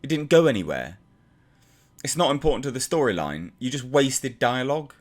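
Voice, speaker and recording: A man's voice: medium pitch, big pitch swings, moderate pace. A man reviewing a comic book in a casual, exasperated and sarcastic rant.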